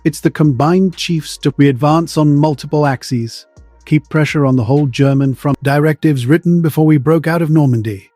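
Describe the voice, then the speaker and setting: Guy reading calm steely general, quiet and firm, slightly high mellow tone. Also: normal speed, dry recording, faint music behind, natural voice. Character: calm steely middle-aged American general.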